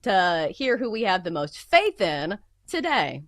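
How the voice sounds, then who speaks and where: A woman from the American South hosts a sports betting radio show with a stuffy nose from a cold. Her medium-pitched, slightly bright voice is very animated at a measured pace, and her casual chat is full of fillers and laughs. The sound is clean studio with no room sound.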